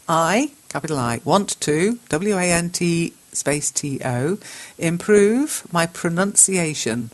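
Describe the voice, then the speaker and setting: Lady teacher going thru chat msgs, low voice, spells stuff out slow n patient. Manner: patient, spells words out slowly, chuckles often. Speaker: English teacher hosting a live chat show. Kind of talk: reading and correcting chat messages.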